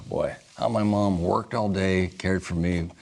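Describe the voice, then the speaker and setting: A man's voice: deep voice, steady tone, slow pace, vocal fry, darkish tone. A man appearing as a talk show guest, reading jokes aloud with a dry, hesitant delivery.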